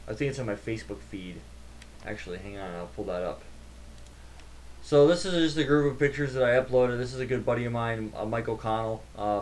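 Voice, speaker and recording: A man's voice: lowish voice, a little hiss or hum. A man, a network engineer, casually recapping a tech conference in a rambling, chatty way with many fillers.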